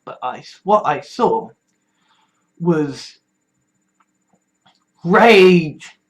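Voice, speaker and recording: Quiet, halting confessional vlogger. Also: mid-range voice, low-quality recording. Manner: quiet, halting, repeats words, sometimes near a whisper. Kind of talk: confessional vlog monologue.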